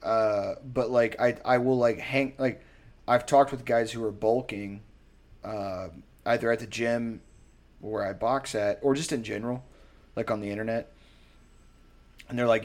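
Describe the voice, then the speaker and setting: A young man in casual chat, rambling and profane, telling animated stories. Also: on the low side, normal speed.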